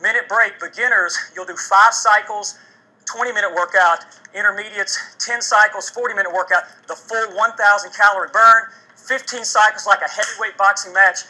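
A man's voice: high voice, steady tone, normal speed, pushed and bright, husky, rough recording. A man working as a fitness trainer, demonstrating a workout and coaching energetically as he exercises during a TV segment, getting out of breath. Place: TV studio.

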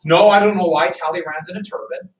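A man teaching a history class, loud and animated, cracking jokes in a classroom. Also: high voice, quick pace, slight background noise. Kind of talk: classroom lecture. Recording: echoey classroom from far off.

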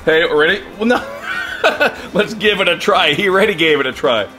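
A man's voice: high voice, expressive, moderate pace, pushed and bright, faint music behind. A middle-aged man hosting a casual cooking video in his garage, chatty and laughing often. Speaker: griddle cooking video host. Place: home garage.

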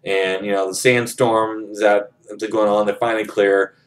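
A man's voice: lowish voice, flat delivery, normal speed. A man casually retelling a novel's plot in his own words, rambling and swearing freely. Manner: rambling, profane, lots of "you know". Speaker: book reviewer.

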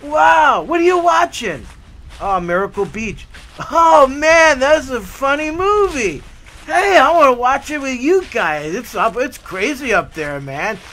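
A man's voice: high voice, animated, normal speed, few pauses, sharp tone, heavily acted. A man voicing a tall, friendly, tipsy teenage guy at a party, laid-back and keen, always calling people "man.". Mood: chummy. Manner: laid-back, enthusiastic, keeps saying "man".

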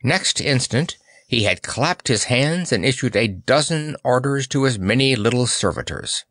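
Reading a children's fantasy book aloud, a male audiobook narrator tells the scripted story in an expressive manner at a moderate pace. His voice is medium in pitch, captured in a dry, studio-quality recording.

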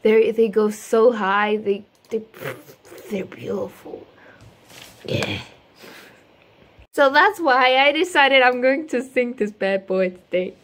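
A woman's voice: a little high, takes it slowly, long pauses, a little hiss or hum. A woman chatting casually to her viewers before singing a cover, rambling, giggly and self-deprecating, stumbling over her words. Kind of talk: casual chat.

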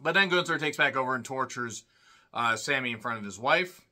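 A man gives a casual solo wrestling review, sarcastic and irreverent, often clearing his throat and breaking into loud bursts. His mid-range voice is brisk with lively intonation.

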